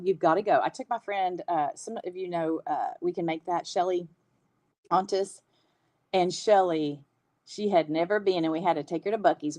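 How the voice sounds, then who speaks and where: A woman's voice: on the low side, no room sound. Chatty Southern woman in her fifties. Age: 50s. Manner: chatty, laughing, answers viewer comments. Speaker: host. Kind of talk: casual livestream chat.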